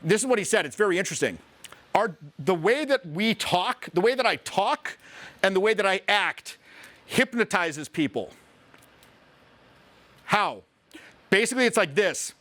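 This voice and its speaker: Bright, high-voiced, swearing social coach. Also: male voice, normal speed, long pauses. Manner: profane, animated storytelling. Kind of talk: casual explaining to camera.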